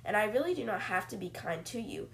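A woman voicing a stern, secretive male submarine captain in a cold, measured way. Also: mid-range voice, expressive, creaky, slight background noise.

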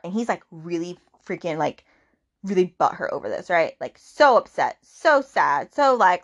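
A woman's voice: on the low side, sing-song, normal speed. A woman hosting a book podcast, recapping the plot in a chatty, rambling way with fillers and acted-out quotes.

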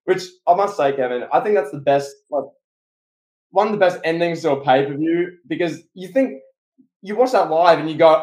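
A man co-hosting a podcast, telling a story in an animated, excitable way. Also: a little high, moderate pace. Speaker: podcast co-host. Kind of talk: casual podcast chat. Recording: echoey room.

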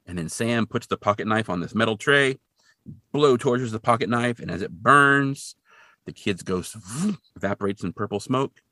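A man co-hosting a podcast, recapping a TV episode in casual chat with animated storytelling and dry asides. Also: fairly low pitch, normal speed, no echo. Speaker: podcast co-host.

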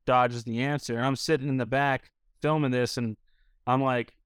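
Smooth-voiced man telling a rambling story. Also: mid-range voice, fairly even intonation, normal speed, no room sound. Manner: rambling, filler-heavy with frequent "like". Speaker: restaurant owner guest. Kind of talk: casual storytelling.

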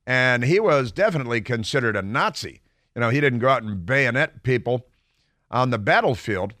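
A middle-aged radio talk show host delivers opinionated commentary in a combative, mocking manner, tossing in sarcastic asides. His mid-range voice is animated, pushed, and bright at a normal speed, captured dry and clean on a studio microphone.

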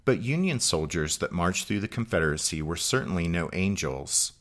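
A man with a notably low, deep voice narrates history from a script. He reads at a measured pace and gives the quoted lines some color. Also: expressive, fairly bright tone. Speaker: podcast co-host.

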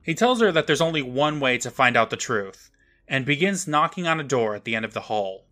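A man's voice: mid-range voice, sing-song, brisk, pushed and bright, soft background music. A man co-hosting a podcast, recapping an episode with sarcastic asides. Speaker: podcast co-host. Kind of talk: casual recap chat.

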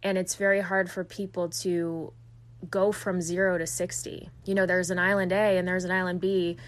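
A woman with a slightly lower voice tells her faith testimony in an earnest, heartfelt way. She talks conversationally, with fillers and restarts, and sometimes sounds emotional. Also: little pitch movement, moderate pace. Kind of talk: personal testimony, casual storytelling.

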